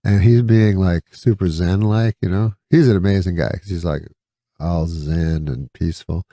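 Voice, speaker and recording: A man with a low, gravelly voice spins long, rambling anecdotes in a dry, deadpan manner, often breaking into a chuckle at his own tales. The sound is close and dead, with no room around it. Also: moderate pace, no room sound. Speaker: comedian guest. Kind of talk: casual anecdote storytelling.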